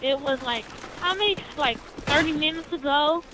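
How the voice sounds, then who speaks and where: A woman's voice: high-pitched, normal speed. A woman in in-game voice chat, irritated, blunt and dismissive. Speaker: online gamer in voice chat.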